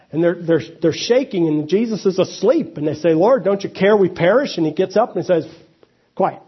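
Husky high-voiced male preacher. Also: lo-fi sound. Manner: conversational preaching with asides and restarts. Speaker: pastor. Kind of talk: sermon.

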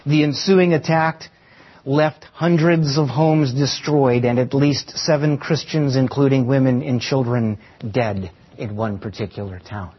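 A man's voice: mid-range voice, fairly even intonation, a little slow, slightly rough. A man preaching a sermon to a congregation in church, asking them rhetorical questions and repeating key phrases for emphasis. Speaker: pastor. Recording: dull lo-fi sound.

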